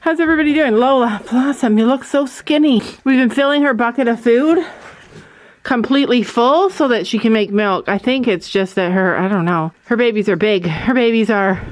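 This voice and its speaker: A woman vlogging outdoors on a snowy farm, chatting excitedly to her viewers and often repeating herself. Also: on the high side, normal speed, no room sound, rough recording. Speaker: vlogger on a family homestead. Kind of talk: casual vlog talk to camera.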